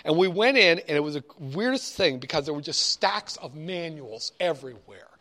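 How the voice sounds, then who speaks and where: Teaching his class through digressive, conversational storytelling, this instructor speaks with a rather high, sharp-toned voice. He comes across as animated and keeps a moderate pace.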